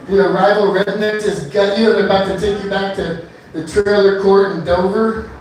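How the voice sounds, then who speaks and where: High-voiced man doing stand-up. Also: a little hiss or hum. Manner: loose, rambling with many uhs between one-liners. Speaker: stand-up comedian. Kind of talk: stand-up comedy set. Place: bar comedy club stage. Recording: echoey club room from far off.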